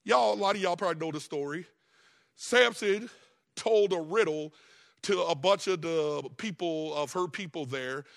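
A man preaching a sermon as the pastor, telling a Bible story in a casual, lively way, laughing often and acting out the characters. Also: a little high, moderate pace, creaky.

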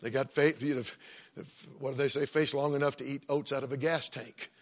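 A man's voice: mid-range voice, steady tone, fairly quick. A middle-aged man preaching a sermon as pastor, in a folksy, conversational way with joking asides.

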